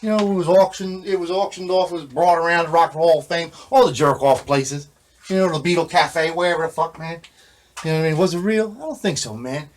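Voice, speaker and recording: A man vlogging about guitars in a rambling, excitable, conspiratorial way, tossing in filler phrases constantly. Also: a little high, fast talker. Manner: excitable, conspiratorial, constantly says "man" and "you know what I mean". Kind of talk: rambling casual show-and-tell.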